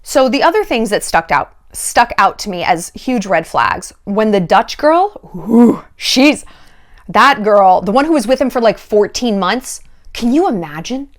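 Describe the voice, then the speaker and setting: A woman giving dating advice in a casual commentary vlog, animated and sarcastic, swearing freely and acting out quoted voices. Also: mid-range voice, unhurried.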